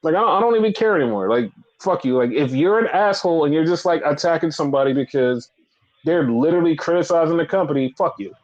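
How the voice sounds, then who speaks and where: A man's voice: a little high, lively intonation, quick pace, a little mellow, muffled recording. A man co-hosting a casual wrestling podcast, ranting with lots of swearing and repetition. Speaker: podcast co-host.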